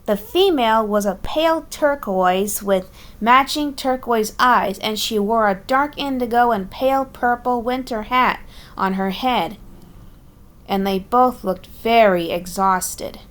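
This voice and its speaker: A woman narrating a fan-written audio story in a slow, deliberate storytelling manner. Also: a little high, fairly bright tone.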